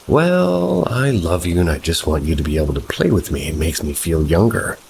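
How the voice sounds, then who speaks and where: A man's voice: sits low, sing-song, normal speed, vocal fry, a little mellow, a little hiss or hum, full character voice. A man voicing an eerie young woman who talks in a dreamy, childlike, sing-song way, in a spoken horror story. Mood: eerie playful.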